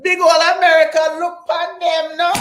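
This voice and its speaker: A woman doing a Jamaican cousin, high and exclaiming. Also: level tone, moderate pace, a bit bright, a little hiss or hum. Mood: amused. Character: Jamaican cousin marveling at America.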